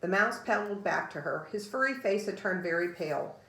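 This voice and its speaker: Gentle woman reading a storybook aloud. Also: medium pitch, lively intonation, a little fast. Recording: roomy echo.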